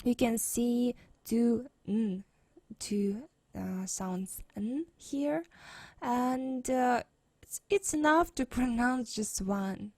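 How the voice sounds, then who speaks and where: A woman's voice: fairly high pitch, drawn-out words, darkish tone, no echo. A woman with a Russian accent teaching a language lesson over slides, patiently repeating words for practice.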